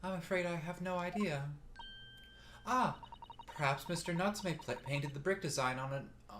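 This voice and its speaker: A man voicing a polite, gentle young woman assistant while reading game dialogue aloud in a soft, courteous way. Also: fairly high pitch, moderate pace, roomy sound, noisy background, pitched above the performer's own voice, lightly acted.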